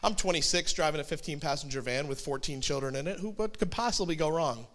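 A pastor in his forties delivers a sermon in a high, light male voice. He tells it like a story, chatty and conversational, with quick asides. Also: a bit bright.

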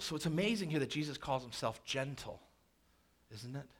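A man preaching a sermon in an animated way, with jokey asides and quoted voices that he acts out. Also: mid-range voice, moderate pace. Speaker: pastor.

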